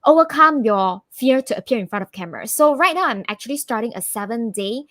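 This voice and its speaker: Brief: female guest, fairly high voice, eager and upbeat, dry close sound. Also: lively intonation, a little fast, a bit bright, no room sound. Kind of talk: interview answer.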